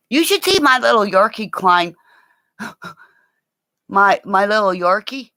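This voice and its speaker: A middle-aged woman hosting a rambling, casual livestream chat, excitable, gasping and dropping into whispers. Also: medium pitch, a little slow, long pauses, no echo, clean studio sound. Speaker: livestream host.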